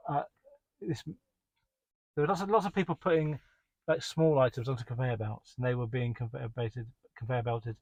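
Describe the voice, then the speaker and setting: A man's voice: mid-range voice, no room sound, poor audio. Guy vlogging his delivery day, rambly and fed up, lots of ums, medium voice, dead dry sound. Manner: rambling, with many restarts and "um"s; exasperated, complaining. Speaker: van delivery driver. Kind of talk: casual spoken diary.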